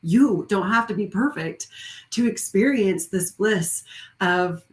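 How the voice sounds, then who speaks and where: A woman's voice: mid-range voice, slow. A woman who leads a wellness studio, giving a heartfelt, effusive live-streamed talk that rambles with restarts. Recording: roomy echo.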